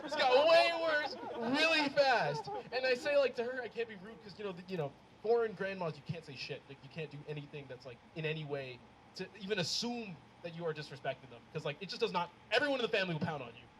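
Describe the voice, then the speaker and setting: A young man performing a stand-up comedy set, telling stories in an animated way and laughing at his own jokes. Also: high voice, quick pace, slight background noise, poor audio. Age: young adult. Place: comedy show with a live audience.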